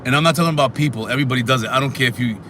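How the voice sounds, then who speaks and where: A man hosting a casual live stream, animated and talking back to his chat. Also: mid-range voice, racing, slight background noise. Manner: animated, talks back to chat, sings snatches.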